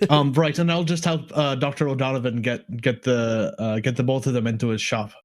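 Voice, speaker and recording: A man's voice: mid-range voice, steady tone, brisk. A man taking part as a player in a tabletop game, earnest and a little stammering.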